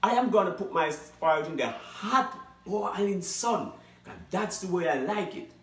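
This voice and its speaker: A man's voice: sits high, animated, moderate pace, a bit bright. A man voicing a cocky, bragging male cat in a folktale. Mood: smug. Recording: roomy echo, mic at a distance.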